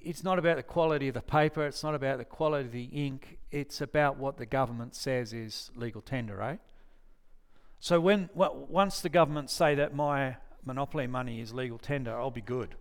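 A man preaching a relaxed sermon at a middle pitch. He reads scripture aloud, asks his listeners questions, and often stops to rephrase or correct himself. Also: smooth. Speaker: pastor. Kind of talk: conversational sermon with scripture reading.

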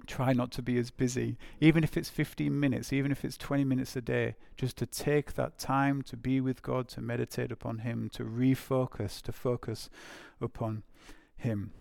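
Gravelly-voiced male preacher, dry sound. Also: mid-range voice, level tone, normal speed, few pauses, darkish tone, no echo. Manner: conversational, repeats phrases, many fillers. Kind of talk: sermon.

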